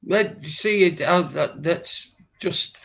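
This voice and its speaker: A man's voice: on the high side, slow, vocal fry, fairly bright tone. Sweary rambling man. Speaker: podcast co-host. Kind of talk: casual chat.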